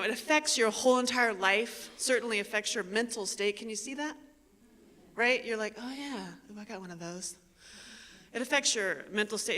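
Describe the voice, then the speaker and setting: A woman tells a personal story from a stage, teasing herself and calling out to the listeners. Her voice is bright and sharp. It rings out into the long reverb of a large performing hall. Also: a little high. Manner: animated and self-mocking, addresses the audience directly. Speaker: invited speaker. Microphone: stage microphone.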